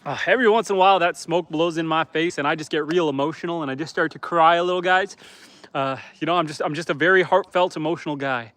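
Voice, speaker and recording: A man's voice: fairly high pitch, fast talker, a bit bright, no echo. A man from Canada, a homesteader, chatting casually on a livestream outdoors by a campfire, reading viewer comments aloud and answering them.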